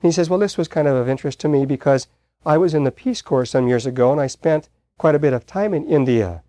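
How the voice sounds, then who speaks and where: Man, preacher, sermon, mellow tone, halting storytelling, dry close sound. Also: a little high, no echo. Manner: halting storyteller, frequent uh fillers.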